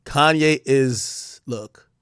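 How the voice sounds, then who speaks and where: A man livestreaming, telling stories to his viewers in casual chat, animated and swearing often. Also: medium pitch, drawn-out words, clear, resonant tone, no room sound, studio quality.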